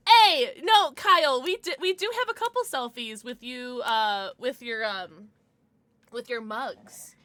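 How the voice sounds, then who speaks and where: A woman's voice: a little high, measured pace, bright, forceful tone, no room sound. A young woman livestreamer chatting casually with her viewers, giggly and rambling, with lots of restarts and fillers.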